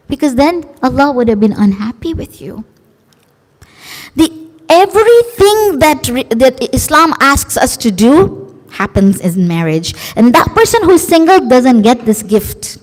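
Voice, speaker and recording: A woman preacher giving an emotive religious sermon, expressive and acting out quoted voices. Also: sits high, measured pace. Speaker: female preacher. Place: large community centre hall. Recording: long hall reverb.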